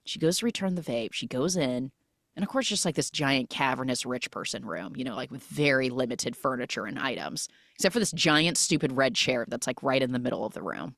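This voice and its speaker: A woman's voice: rumbling low, expressive, a little fast, gravelly, a bit bright, no room sound, studio quality. A woman recapping a film on a podcast in a casual, chatty way, full of "like" and "you know," who acts out the characters' lines as she goes. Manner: chatty, filler-heavy storytelling that acts out the lines.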